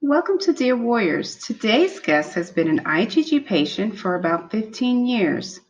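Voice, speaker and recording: A woman's voice: a little high, big pitch swings, normal speed, lo-fi sound. A woman hosting an interview show, introducing her guest and asking questions in an upbeat, welcoming manner. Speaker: host. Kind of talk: podcast hosting.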